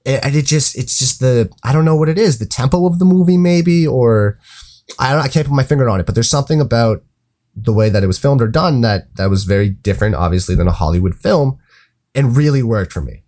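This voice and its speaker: A man's voice: medium pitch, lively intonation, fast, a little mellow. A man co-hosting a casual movie podcast, giving his thoughts in a rambling, hesitant way full of restarts and filler. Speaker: podcast co-host.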